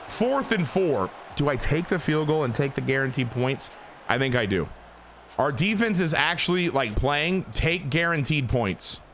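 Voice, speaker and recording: A man's voice: on the high side, fairly bright tone, a little hiss or hum. A man giving casual, profane, joking play-by-play commentary while playing a football video game. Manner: joking, profane, self-deprecating. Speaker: gaming video host.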